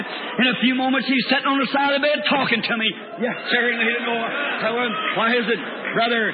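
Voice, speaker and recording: A man preaches in a very high, urgent voice and tells stories with dramatic fervor. The sound is thin and tinny, like an old recording. A long hall echo trails after his words. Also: noisy background. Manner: fervent, dramatic, speeds up and cries out in retold prayers. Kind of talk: sermon with storytelling.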